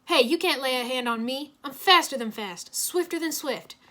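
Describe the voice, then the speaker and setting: A woman's voice: fairly high pitch, fairly quick, lightly acted. A woman doing a boastful speedster guy. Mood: cocky. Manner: bragging, cocky.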